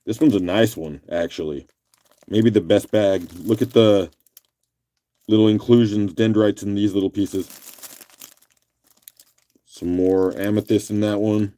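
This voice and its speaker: A man with a rough morning voice, hosting a live rock auction stream in a relaxed, chatty way and clearing his throat now and then. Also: lowish voice, unhurried, long pauses. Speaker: livestream auction host. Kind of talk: casual live auction chat.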